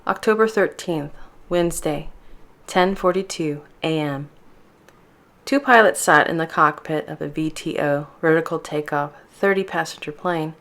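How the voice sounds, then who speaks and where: Low-voiced woman reading her novel. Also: moderate pace, fairly bright tone. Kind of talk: audiobook narration.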